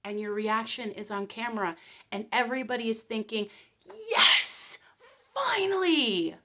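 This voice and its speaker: Woman, vlogger, casual commentary, animated delivery, acts out quotes. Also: medium pitch, brisk.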